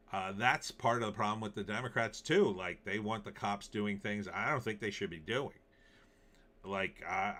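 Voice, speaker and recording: A male host talks through the news in a loose, sarcastic ramble, with lots of fillers along the way. His voice sits on the lower side. It is bright and forceful. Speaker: show host. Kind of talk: casual political and movie commentary.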